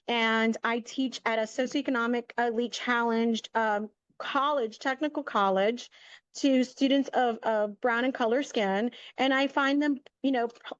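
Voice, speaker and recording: A woman's voice: on the high side, unhurried, clear, resonant tone, dry recording, dull audio. A middle-aged woman guest telling a story casually and with energy, acting out the lines of the people in it. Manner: chatty, animated, acts out quoted dialogue. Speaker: guest, media entrepreneur.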